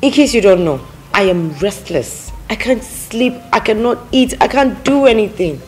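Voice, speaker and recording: An actress as a distressed Nigerian young wife. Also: female voice, medium pitch, expressive, moderate pace, a little mellow, faint music behind, lightly acted. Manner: distressed, complaining. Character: anxious childless young wife, restless and sleepless. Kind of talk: Nollywood film acting.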